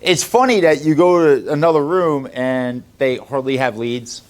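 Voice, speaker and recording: A man who runs a sales company, lecturing his staff in a blunt, profane motivational talk. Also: moderate pace. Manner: blunt, profane, lecturing, swings between loud and low.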